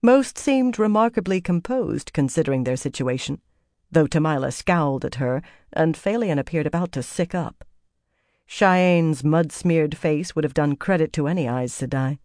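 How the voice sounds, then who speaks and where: Measured audiobook narrator, dry sound. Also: mid-range voice, no echo. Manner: even, measured reading. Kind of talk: scripted fantasy narration.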